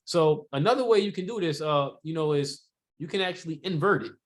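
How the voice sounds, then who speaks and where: A man with a somewhat high voice leads a sales training session. His delivery is loose and chatty, full of "you know" and quick rhetorical check-ins with the group. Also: animated. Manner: conversational, rhetorical questions, many "you know" fillers. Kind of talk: casual sales training talk.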